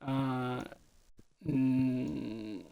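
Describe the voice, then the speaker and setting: A man's voice: medium pitch, fairly even intonation, drawn-out words, vocal fry, dark tone, a little hiss or hum. A young man streaming a game, telling loose, profane stories in casual chat.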